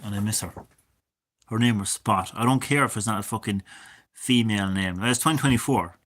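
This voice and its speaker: A man in his thirties, chatting casually and swearing a lot as a gaming streamer, drifting between loud remarks and mumbled asides. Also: fairly low pitch, fairly quick. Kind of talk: casual rambling commentary.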